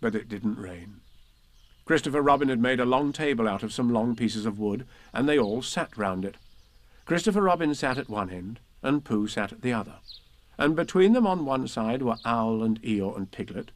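Expressive male storybook narrator. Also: medium pitch, normal speed, no echo. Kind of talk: storybook reading.

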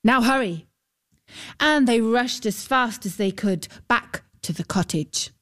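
A woman reading a fairy tale aloud as narrator, calm and measured. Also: a little high. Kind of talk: scripted storybook narration.

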